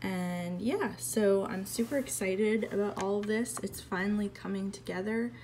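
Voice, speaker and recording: A woman artist chatting casually in a home vlog, excitable and full of fillers, recorded on a phone in an apartment. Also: medium pitch, moderate pace, a little hiss or hum, rough recording. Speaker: artist vlogger.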